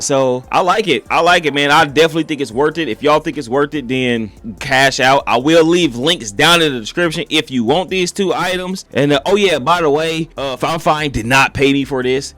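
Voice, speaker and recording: A man's voice: medium pitch, fairly bright tone. A man streamer giving a casual, slangy review of his mic straight to his viewers. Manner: laid-back slangy, talks straight to viewers. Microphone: studio XLR mic on the desk.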